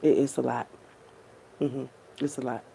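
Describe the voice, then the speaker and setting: A woman's voice: very deep voice, steady tone, a little slow, gravelly, mellow, husky. A woman speaking straight to her viewers in a heartfelt, unscripted monologue, repeating herself often and using heavy slang and swearing. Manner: repetitive, slangy and profane, addressing viewers directly. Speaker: vlogger.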